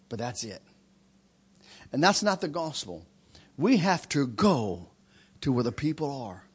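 A man preaching a sermon in a church, telling stories with animated delivery. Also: mid-range voice, measured pace, pauses often, slightly rough. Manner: animated, acts out shouting in stories. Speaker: guest preacher. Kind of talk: sermon with storytelling. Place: church sanctuary.

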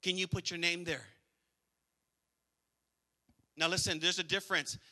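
A male pastor delivers a sermon with a high, very bright and piercing voice. He preaches emphatically, repeating phrases and calling out to his congregation in church. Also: steady tone, fast, big-room sound.

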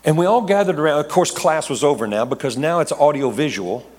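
A man's voice: a little high, a little fast, darkish tone, slight background noise. A middle-aged man, a pastor, telling a long testimony in a sermon, rambling, correcting himself and laughing at his own asides. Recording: long hall reverb.

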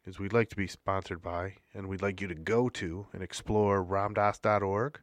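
A man's voice: little pitch movement, normal speed, dry recording. Man, podcast co-host, casual chat, rambling, playful ad read, dry sound. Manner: rambling, reads statistics in a playful ad pitch. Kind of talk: casual chat with sponsor reads.

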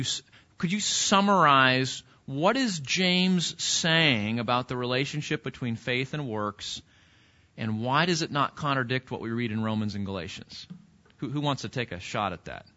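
Bright-voiced man teaching a Bible class. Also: medium pitch, lo-fi sound. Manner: conversational, asks the class questions, frequent restarts. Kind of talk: interactive Bible study lesson.

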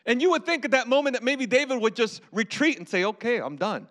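A man preaching a sermon, telling the story with lively acted voices and calls for the audience to repeat. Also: extremely high pitch, fast talker. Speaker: pastor.

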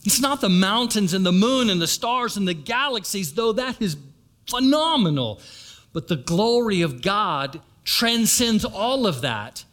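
A man's voice: sits high, animated, a little slow, few pauses, fairly bright tone. A man preaching a sermon, retelling a story and turning to the congregation with asides. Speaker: pastor.

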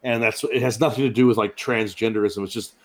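A man's voice: on the low side, fairly even intonation, slight background noise. Profane, opinionated man in casual chat. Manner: loose, profane, opinionated, quick to do mocking impressions.

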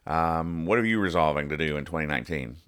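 An extremely low-pitched man talks at a quick pace with a fairly bright tone. As host of a casual comedy podcast, he reads comics, rambles, jokes, and spells out every punchline.

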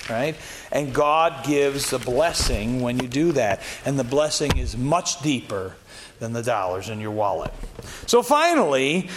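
A man leads an adult Sunday school lesson, reading scripture and then explaining it in plain words with questions to the class. His voice sits a little high and moves a great deal in pitch. A faint hiss of noise stays under the recording. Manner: reads scripture aloud, then talks it through plainly, asking the class questions. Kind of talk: Bible lesson.

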